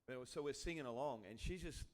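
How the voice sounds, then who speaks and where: A man's voice: medium pitch, quick pace. A man with an Australian accent, a pastor hosting a casual church interview, talking earnestly with frequent restarts.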